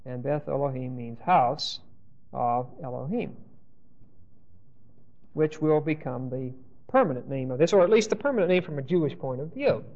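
A man's voice: medium pitch, animated, moderate pace, pauses often. A man teaching a Bible class, thinking aloud with restarts and often checking in with "Okay?". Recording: dull lo-fi recording.

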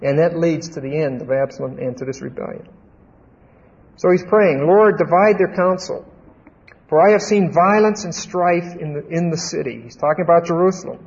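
A man's voice: on the high side, moderate pace. A man preaching a Bible teaching sermon, speaking conversationally and with emphasis, often checking in with his listeners. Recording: dull lo-fi recording with long hall reverb.

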